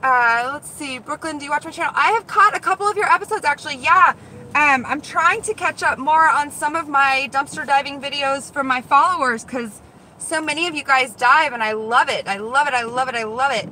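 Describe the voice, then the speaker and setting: A high-pitched woman chats excitedly to her live-stream viewers as she goes from one parking lot to the next. Her talk is casual and quick to react. Loud car and street noise runs under her phone recording. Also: rough recording. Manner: chatty and excitable, talks to viewers. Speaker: vlog host, dumpster diver. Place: outdoors around store lots and in a car.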